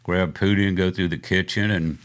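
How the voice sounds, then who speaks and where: A man's voice: sits low, fairly even intonation, a little fast. An older man, telling rambling, chuckling stories as an interview guest, full of fillers. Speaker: guest musician. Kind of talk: casual storytelling interview.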